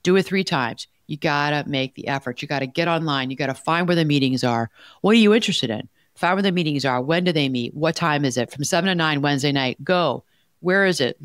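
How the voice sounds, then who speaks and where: A woman's voice: sits low, fairly quick, dry recording. Emphatic woman coach, dry close sound. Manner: animated storyteller, emphatic and direct. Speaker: life coach and co-host. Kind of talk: podcast advice talk.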